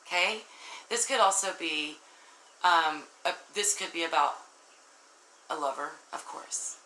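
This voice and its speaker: A woman reads tarot cards for her audience in a low, bright voice. She talks earnestly and speaks straight to viewers. The room echoes, with a faint hiss behind her. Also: a little slow. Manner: earnest, warm-hearted, addresses viewers directly, emotional. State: tearful at times. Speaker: tarot reader. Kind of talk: casual tarot reading to viewers.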